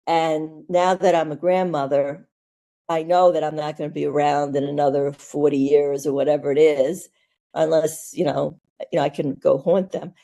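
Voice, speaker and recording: A woman's voice: sits low, flat delivery, normal speed, gravelly, warm tone. Blunt, outspoken older woman. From United States. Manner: blunt and outspoken, rambling with fillers. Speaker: guest, oncology nurse. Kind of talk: candid conversational storytelling.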